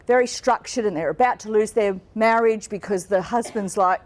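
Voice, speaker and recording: A middle-aged woman giving a live business seminar to an audience with slides, lively and playful, slipping into mock voices for the people she describes. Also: mid-range voice, moderate pace. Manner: lively, playful, mimics people in quoted asides. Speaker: business coach and speaker. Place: conference room with an audience.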